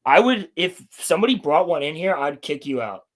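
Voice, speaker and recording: A young man hosting a casual podcast chat, telling animated stories and swearing often. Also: a little high, brisk. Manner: animated storytelling, heavy swearing. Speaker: podcast host.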